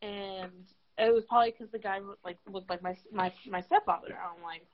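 A woman's voice: mid-range voice, steady tone, moderate pace, few pauses, slight background noise. A young woman co-hosting a podcast in casual chat, rambling and swearing freely, sounding tired. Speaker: podcast co-host. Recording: dull lo-fi sound.

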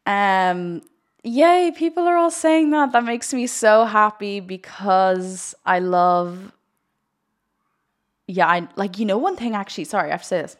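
A young woman hosting a spiritual podcast, chatting casually in a rambling, gushing, excitable way. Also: fairly low pitch. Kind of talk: casual livestream chat.

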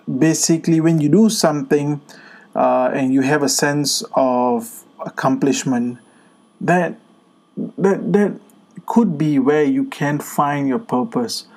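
A man's voice: on the high side, a little mellow. A man co-hosting a podcast in casual chat, speaking earnestly with many fillers and restarts. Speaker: podcast co-host.

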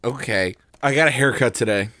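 Man, tired, rambling podcast host, sudden pitch jumps, mid-pitched voice, dry sound. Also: a little fast, sharp tone, no room sound. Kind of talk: comedic podcast banter.

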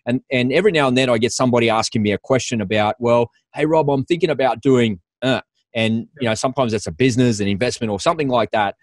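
A man's voice: mid-range voice, quick pace, dry recording. An Australian man hosting a podcast interview over a video call, upbeat and chatty. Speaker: podcast host.

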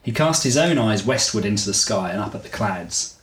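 A woman's voice: extremely low pitch, lively intonation, brisk, roomy sound, slight background noise. A woman reading a comic romance story aloud as a podcast host, breaking off to giggle. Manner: reads narration, giggles, puts on a gruff voice for quotes.

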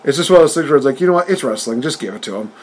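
Man, husky voice, casual podcast chat, animated, laughs a lot, mid pitch. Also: very fast, rough recording. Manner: animated, laughing often, acting out quotes in a raised voice. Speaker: podcast co-host.

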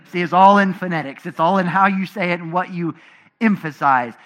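A pastor preaching a sermon to his congregation, animated, swinging between loud emphatic passages and low, quiet ones. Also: fairly quick.

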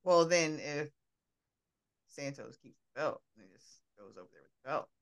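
A woman's voice: low voice, lively intonation, normal speed. A woman guest chatting casually about wrestling in a wry, teasing way. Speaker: podcast guest.

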